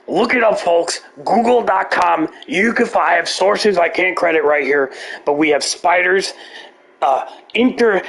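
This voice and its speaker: A man impersonating an excitable, salesy conspiracy radio host who talks fast and rambles in a blustering way. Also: sits high, gravelly, husky, exaggerated voice.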